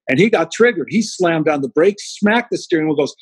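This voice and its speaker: Husky-voiced man telling stories. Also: a little high, fast talker, hardly any pauses, no echo, rough recording. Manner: animated anecdotes with acted-out quotes. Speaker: guest speaker. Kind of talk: storytelling in an interview.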